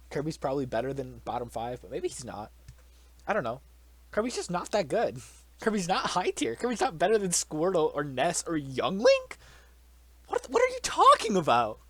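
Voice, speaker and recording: Young man, casual solo commentator, blunt and sweary, pitch leaps around a lot. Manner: blunt, swears freely, animated incredulous outbursts.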